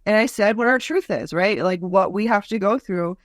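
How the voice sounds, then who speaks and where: A woman's voice: medium pitch, normal speed, dry recording. A woman comedian speaking frankly and expressively on a talk show, her voice in the middle of the usual range. She rambles through stories, acting out what people said. The sound is close and dry, with little room around it. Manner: blunt, animated storytelling with lots of "like". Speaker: stand-up comedian and guest. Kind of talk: casual talk-show chat.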